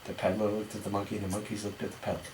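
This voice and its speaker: A woman reading a picture book aloud to a child, animated, with asides in between. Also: very deep voice, very fast. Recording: echoey room, far from mic, background noise.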